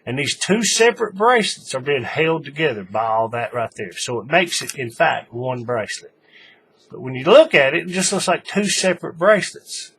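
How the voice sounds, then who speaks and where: A man's voice: mid-range voice, pushed and bright, a little hiss or hum. Folksy man teaching a craft. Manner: casual, folksy, talks while working with his hands. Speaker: paracord tutorial maker. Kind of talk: hands-on craft tutorial.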